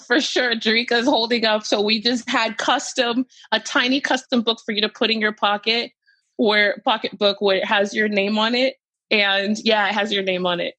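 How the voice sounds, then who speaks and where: A woman's voice: on the high side, a bit bright, no room sound. A woman hosting a podcast, talking in an emphatic, gushing way and repeating her phrases. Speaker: podcast host. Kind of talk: casual podcast chat.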